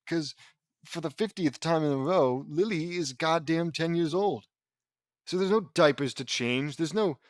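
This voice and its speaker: A man's voice: a little high, dry recording, clean studio sound. Sarcastic man mocking fan fiction. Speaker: audiobook reader and commentator.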